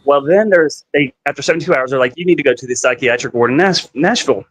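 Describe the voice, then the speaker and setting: A man's voice: mid-range voice, fast, breathy edge, no echo, rough recording. Rambling man telling a story, dry sound. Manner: rambling, heavy on "like" fillers, acts out quoted dialogue. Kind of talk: casual storytelling conversation.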